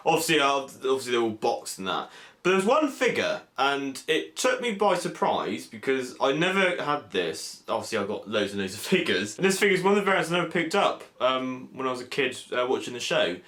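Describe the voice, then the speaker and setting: A young man from England chatting excitedly in a casual vlog, full of fillers and animated asides. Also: mid-range voice, fairly quick. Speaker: vlogger. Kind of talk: casual convention recap vlog. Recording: echoey room.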